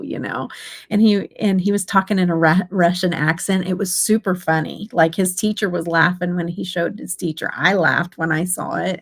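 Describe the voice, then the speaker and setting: A woman's voice: mid-range voice, vocal fry, darkish tone, husky. A middle-aged woman chatting casually to her viewers, rambling and emotional as she tells a story about her son. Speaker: beauty channel host. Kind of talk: casual chat.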